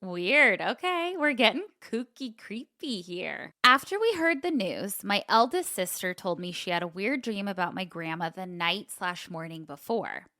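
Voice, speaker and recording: Woman podcast co-host, bright voice, dry close sound, casual chat, laughs easily. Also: mid-range voice, lively intonation, normal speed, hardly any pauses, no room sound. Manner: laughs easily, gets choked up. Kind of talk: casual podcast chat, reading a listener email.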